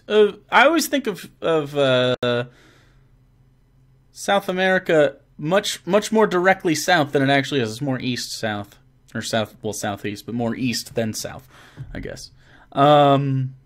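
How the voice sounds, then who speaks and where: A man answering viewer questions as a dungeon master in a casual chat, rambling and animated, swearing freely and trailing off with fillers. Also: on the high side, a little slow, pauses often. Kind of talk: casual livestream Q&A.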